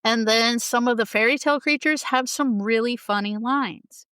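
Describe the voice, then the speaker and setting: A woman's voice: a little high, moderate pace, a bit bright, clear, resonant tone, dry recording. A woman hosting a casual, enthusiastic talk show, chatting with frequent laughter. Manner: enthusiastic and giggly, reciting quotes. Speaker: host. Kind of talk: casual talk about a musical.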